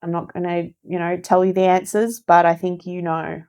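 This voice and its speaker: A woman giving a casual spoken tarot reading, gentle and encouraging, who repeats phrases for emphasis. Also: fairly low pitch, level tone, moderate pace. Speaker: tarot reader.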